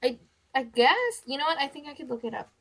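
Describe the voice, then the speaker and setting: A woman's voice: high-pitched, big pitch swings, brisk, fairly bright tone. A woman hosting a podcast, chatting casually and thinking aloud with frequent restarts. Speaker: podcast host. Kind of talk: casual chat.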